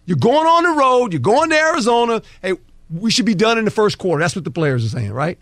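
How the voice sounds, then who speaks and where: Animated, high-voiced football analyst man. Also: fast talker, dry recording, studio quality. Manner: emphatic, acts out players and coaches in quoted dialogue; folksy, with plain football talk. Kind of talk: sports talk show breakdown.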